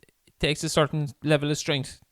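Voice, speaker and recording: A man's voice: fairly high pitch, monotone, normal speed, fairly bright tone. An Irish man chatting casually on a podcast, telling stories with frequent laughter and some swearing. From Ireland. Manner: laughing storyteller, swears freely. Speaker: podcast co-host.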